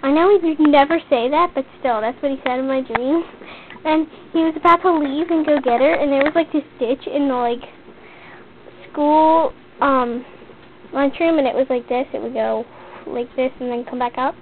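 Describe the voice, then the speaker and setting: Teen girl vlogger, high voice, rambling and chatty, tinny phone-like audio with a faint hiss. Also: normal speed. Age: teens. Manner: chatty, rambling, heavy use of "like". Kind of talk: casual rambling story.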